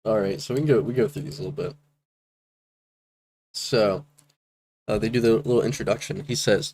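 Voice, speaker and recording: A man streams with relaxed, filler-heavy commentary at a middling pitch, dropping into quiet mumbled asides. A faint noise sits under his voice. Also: moderate pace, pauses often. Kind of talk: casual commentary.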